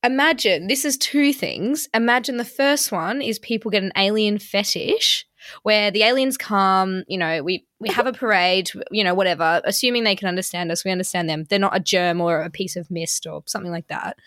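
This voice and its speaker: A young woman hosts a podcast, reading out questions and riffing on them in a chatty, joking way. Her pitch sits mid-range, and the sound is close and dry. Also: fairly bright tone, no echo. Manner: chatty, joking, quick riffs. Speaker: podcast host asking questions. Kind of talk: casual chat. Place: London.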